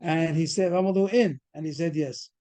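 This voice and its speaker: Over a video call, a man teaches a fast-paced Talmud study class, walking through a case step by step and quizzing his students. His voice sits on the high side with a dark tone, at a normal pace.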